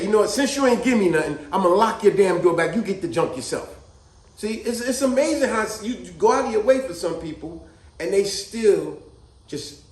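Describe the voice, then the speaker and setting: A middle-aged man telling a story casually, acting out the people in it. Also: high voice. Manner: animated, acts out voices of people in his stories. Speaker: vlogger telling stories. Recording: echoey room.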